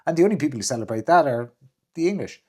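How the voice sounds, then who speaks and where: A man's voice: a little high, lively intonation, very fast, a little mellow. A young man with an Irish accent chatting casually on a couple's vlog, joking and restarting his sentences. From Ireland. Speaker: vlog guest, the host's boyfriend. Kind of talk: casual chat.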